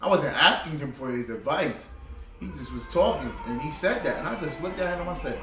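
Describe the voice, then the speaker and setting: A man preaching a street-style sermon, emphatic and full of slang and rhetorical questions, at times rising to a loud exhortation. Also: a little high, expressive, fairly quick, over music. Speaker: preacher teaching a religious group. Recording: echoey room, far from the mic.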